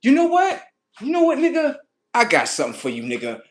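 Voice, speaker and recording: Man doing a furious young woman, shrill, repetitive yelling, high and swinging. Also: wildly swooping pitch, a little fast, heavily acted. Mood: angry yelling. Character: angry young woman girlfriend yelling insults.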